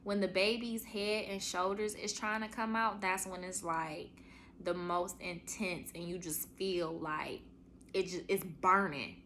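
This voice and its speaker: A woman's voice: fairly low pitch, fairly even intonation, unhurried, a bit bright, a little hiss or hum. A young woman hosting a podcast, telling a heartfelt story in casual chat and calling her listeners y'all. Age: young adult. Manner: chatty, addresses listeners as y'all. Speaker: podcast host.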